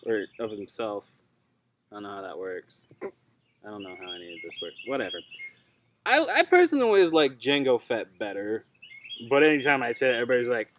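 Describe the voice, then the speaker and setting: Animated man in casual chat. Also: on the low side, fairly quick, slight background noise. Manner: animated, acts out quotes in mocking voices.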